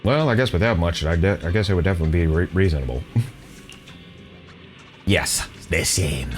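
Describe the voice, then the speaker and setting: A man's voice: deep voice, a little fast, soft background music. A man casually commenting on a video game playthrough, playful, reading dialogue and repeating phrases for fun. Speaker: gameplay streamer.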